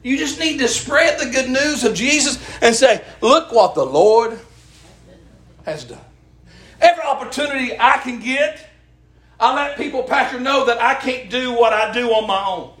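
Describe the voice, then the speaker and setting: High-voiced preacher, echoey church. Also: male voice, moderate pace. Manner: impassioned, rising to shouts, folksy. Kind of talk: sermon with call and response.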